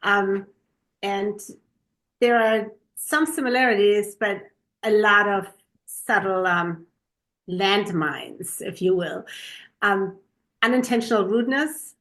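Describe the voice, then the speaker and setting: A woman's voice: medium pitch, takes it slowly, pauses often, fairly bright tone. A woman from Germany co-hosting a parenting podcast, chatting casually and telling stories with lots of ums. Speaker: podcast co-host.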